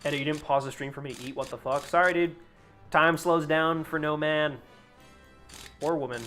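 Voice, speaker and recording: A man's voice: fairly high pitch, steady tone, normal speed, a bit bright, faint music behind. A young man chatting casually on a live game stream, rambling, swearing freely and laughing at his own jokes.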